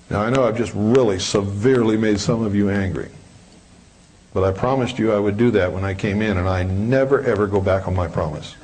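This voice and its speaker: A man's voice: mid-range voice, poor audio. Blunt, combative man lecturing. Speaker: public speaker. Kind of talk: live lecture to an audience.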